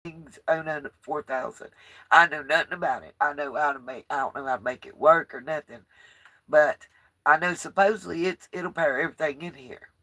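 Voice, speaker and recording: A woman's voice: sits low, a little fast, bright, forceful tone. A woman vlogging from inside a parked motorhome, chatting to her viewers in a rambling, plain-spoken way. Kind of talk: casual chat to camera.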